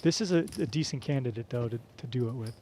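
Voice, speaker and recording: A man's voice: medium pitch, fast talker, warm tone, a little hiss or hum. A man giving live poker commentary in a chatty, coaching manner, explaining strategy as he goes.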